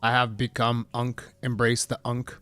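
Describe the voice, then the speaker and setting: A man's voice: mid-range voice, measured pace, smooth, no room sound, soft background music. A man hosting a casual live stream, rambling through gaming news and reading chat aloud. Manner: rambling, reads chat aloud, bursts of laughing excitement.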